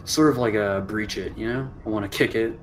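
A man's voice: lowish voice, fairly quick, over a noisy crowd. A man playing a tabletop horror game, asking questions and declaring actions in a hesitant, filler-heavy way. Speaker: player. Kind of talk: casual tabletop gaming chat.

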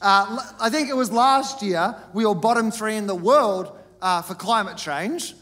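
A man's voice: measured pace, big-room sound. A man with an Australian accent performing a stand-up comedy set, telling a story animatedly and acting out the people in it. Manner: animated storytelling, acts out characters with big pitch jumps. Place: comedy stage before a live audience.

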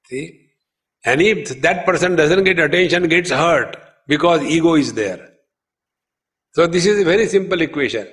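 A man with an Indian English accent gives a spiritual discourse in a somewhat high voice. His talk is humorous and full of stories, and he chants verses. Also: fairly bright tone. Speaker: spiritual teacher.

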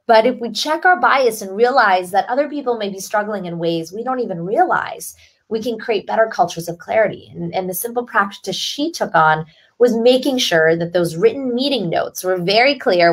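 A woman author as a podcast guest, explaining ideas in an articulate, upbeat way and telling stories. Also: mid-range voice. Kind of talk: podcast interview.

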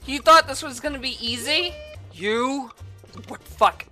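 A woman giving angry gameplay commentary, cursing and yelling in exasperation. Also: high-pitched, a little slow, faint music behind. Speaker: gaming video creator.

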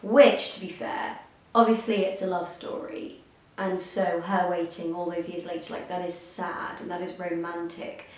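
A woman's voice: on the low side, flat delivery, normal speed, darkish tone. A young woman vlogger giving a casual reaction commentary, gushing and rambling with self-deprecating asides. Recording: very echoey room, faint music behind.

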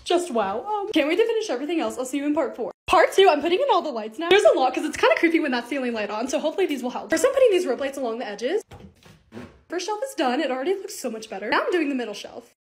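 Young woman, high lively voice, rapid chatty vlog narration, faint background hiss. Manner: chatty, excitable, fast narration of tasks. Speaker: lifestyle content creator. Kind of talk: casual vlog voice-over.

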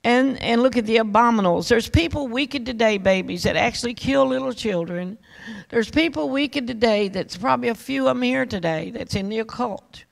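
A woman's voice: a little high, normal speed, rough recording. An older woman preaching a fervent sermon, calling her listeners honey and baby doll. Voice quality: gravelly.

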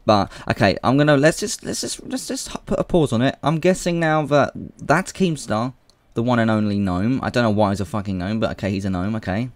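A man's voice: on the low side, a little fast, no room sound. A young man hosting a reaction video, rambling crudely and saying dude all the time. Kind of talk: casual reaction commentary.

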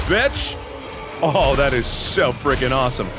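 A young man in his twenties yells and jokes his way through a game in a high, very animated voice. He swears loudly at enemies, and game music plays clearly behind him. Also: normal speed. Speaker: let's play host. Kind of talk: gaming commentary.

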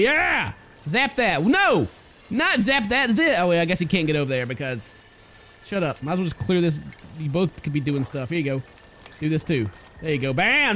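A young man casually commentating a colony game, excitable and jokey, talking to his little characters. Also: high voice. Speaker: gaming YouTuber. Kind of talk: casual let's-play commentary.

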